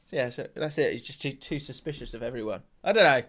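Brief: male podcast co-host, chatty, laughs a lot, mid-pitched. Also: lively intonation, quick pace, fairly bright tone. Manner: chatty, laughs often, trails off and restarts. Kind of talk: casual football podcast chat.

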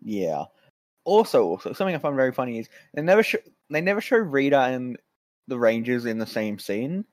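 Sarcastic man with a lively voice. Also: medium pitch, fairly quick, no room sound. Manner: dry, sarcastic jokes, swears freely. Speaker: podcast co-host. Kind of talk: casual chat.

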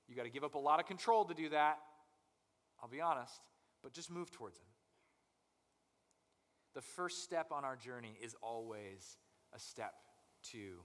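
A young man preaching a conversational sermon as pastor, animated and acting out people's inner voices. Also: a little high, normal speed, pauses often, long reverb tail.

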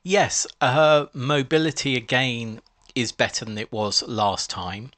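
A middle-aged man from Guernsey chats easily as podcast co-host, mild and agreeable, dropping soft murmurs of assent. His voice sits at an ordinary pitch. It is recorded close and dry, with no room sound. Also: takes it slowly, dry recording. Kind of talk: casual chat.

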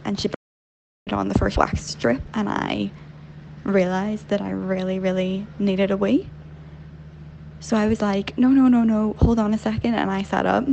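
A young woman with a Northern Irish accent, worn down a little by years in London, tells a candid, giggly story down a phone line. Her voice has a gravelly fry, with faint noise behind her. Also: medium pitch, a little mellow. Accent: Northern Irish, softened by London. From Northern Ireland. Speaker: caller.

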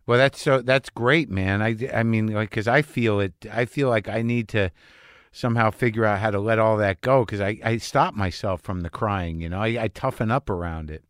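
A man's voice: fairly low pitch, normal speed, clear, resonant tone, no room sound, studio quality. A man hosting a podcast, talking frankly and reflectively in a casual interview, swearing now and then. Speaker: podcast host.

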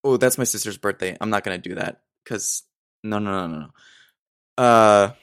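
A man's voice: on the low side, normal speed, a bit bright, clean tone, dry recording, clean studio sound. A young man hosting a solo podcast, telling stories in a rambling, self-deprecating way with acted asides. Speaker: podcast host. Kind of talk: casual solo monologue.

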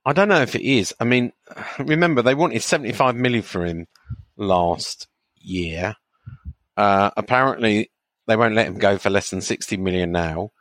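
A man with a lowish voice answering questions on a chat podcast in a relaxed, easygoing way. He weighs his opinions out loud and chuckles along with his co-host. The recording is dry and close to the mic. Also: moderate pace, no room sound. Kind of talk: casual chat.

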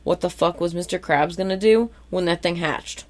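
A woman with a slightly low voice recaps a cartoon on her podcast in casual chat. She tells the story with lively energy and swears freely. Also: normal speed. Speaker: podcast co-host.

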